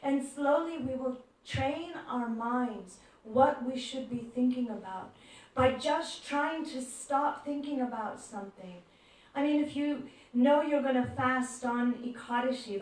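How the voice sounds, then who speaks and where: A woman giving a devotional talk, telling stories gently and acting out the voices in them. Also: high-pitched, a little slow. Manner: gentle storyteller who acts out quoted voices. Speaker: devotional speaker. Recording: echoey room, far from mic.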